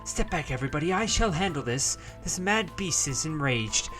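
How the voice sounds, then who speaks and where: A man's voice: fairly high pitch, lively intonation, normal speed, fairly bright tone, faint music behind, voice pushed up. A man voicing a pompous young swordswoman. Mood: commanding. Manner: pompous, archaic boasting. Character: proud, wordy young female sword knight.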